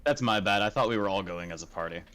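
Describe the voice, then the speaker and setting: A man's voice: on the low side, fast, a bit bright. A man playing a tabletop game over voice chat, chatting casually and apologizing freely. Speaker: player.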